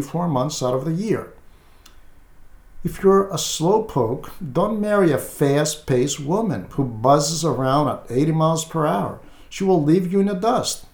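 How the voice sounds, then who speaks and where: A man, an Orthodox clergyman, giving pastoral advice at a measured pace with frequent hesitant fillers. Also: a little high, darkish tone, echoey room.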